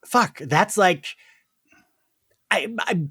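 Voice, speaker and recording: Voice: mid-range voice, lively intonation, extremely slow, fairly bright tone, slightly rough, no room sound, studio quality. A podcast co-host in casual chat, rambling with lots of fillers and acting out quotes.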